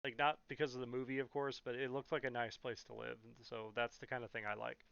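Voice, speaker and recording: A man's voice: medium pitch, flat delivery, fast talker, gravelly, fairly bright tone, slight background noise. A young man in California rambling through a casual question-and-answer vlog, full of fillers and blunt swearing. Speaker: YouTuber. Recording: dull, muffled, dry sound.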